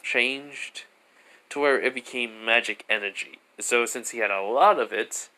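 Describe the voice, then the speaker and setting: A man's voice: medium pitch, unhurried, sharp tone. A man casually improvising a fan story, rambling with lots of fillers and restarts.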